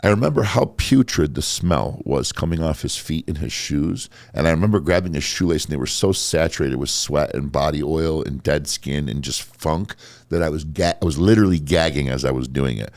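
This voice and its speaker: Deep-voiced blunt male podcast host. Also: brisk, darkish tone, dry recording. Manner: blunt, swears freely. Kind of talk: casual interview storytelling.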